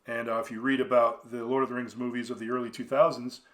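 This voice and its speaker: A man talks through his own solo commentary podcast at a middling pitch. He rambles conversationally, often stopping to restart his sentences and filling pauses with "uh" and "you know.". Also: little pitch movement. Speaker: podcast host.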